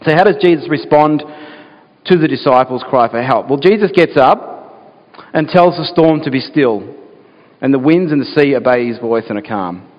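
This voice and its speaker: Male pastor with a middle-pitched voice, preaching earnestly in a church hall with a long echo. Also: lively intonation, normal speed. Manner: earnest, asks the listeners rhetorical questions. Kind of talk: sermon. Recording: dull sound with long hall reverb.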